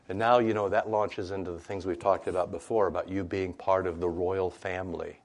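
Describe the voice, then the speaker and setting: A man's voice: low-pitched, little pitch movement, brisk, hardly any pauses. A man preaching a conversational sermon, tagging "right?" onto his points and making joking asides to the congregation. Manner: conversational, frequent "right?" tags. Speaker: pastor.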